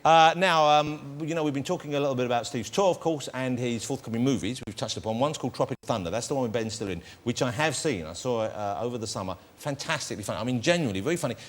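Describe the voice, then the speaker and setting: An English man hosting a TV chat show, bantering and teasing his guest in a jokey, quick way in front of a live studio audience. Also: medium pitch. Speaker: talk show host. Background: audience laughter and applause.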